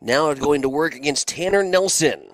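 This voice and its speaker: Male baseball announcer, play-by-play, chatty, relaxed, dry close mic. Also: fairly high pitch, normal speed, dry recording. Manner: relaxed, chatty, jokes with partner.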